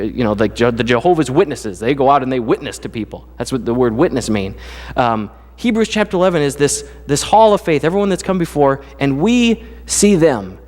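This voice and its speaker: A man's voice: mid-range voice, in a large hall. A man preaching a casual, conversational sermon as the pastor, telling jokey stories from his life. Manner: casual, joking storyteller. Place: church sanctuary.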